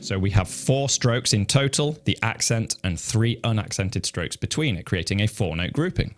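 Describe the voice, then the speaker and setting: A male drum teacher with a somewhat low voice walks through stickings step by step. He sounds calm and methodical and counts the beats aloud as he plays. His manner is patient and instructional. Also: moderate pace, hardly any pauses.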